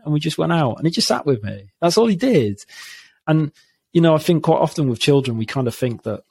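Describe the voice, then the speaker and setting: A man's voice: mid-range voice, vocal fry, a little mellow, slightly rough, dry recording. A man in his thirties, a podcast guest, speaking candidly and reflectively, with many fillers and restarts. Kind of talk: candid conversational storytelling.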